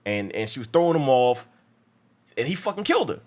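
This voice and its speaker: This man's mid-range voice is very animated and fairly quick as he hosts a movie review show. He recaps a film casually and profanely, rambling, restarting many times, and acting out quotes.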